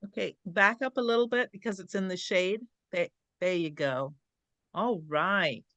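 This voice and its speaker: A woman's voice: lowish voice, measured pace, fairly bright tone, dry recording, muffled recording. A woman host interviewing a guest, prompting her with short questions and directions. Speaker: host and coach. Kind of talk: casual interview.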